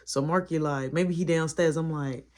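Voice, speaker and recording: A man's voice: on the high side, normal speed. A man telling a long personal story in a casual way and acting out what everyone said. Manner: animated, acts out quoted dialogue.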